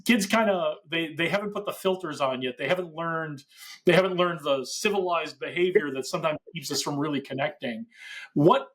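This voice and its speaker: A man hosting a podcast interview, asking reflective questions and then running a quick question game with upbeat energy. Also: fairly high pitch, fairly bright tone. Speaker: podcast host. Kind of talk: conversational interview.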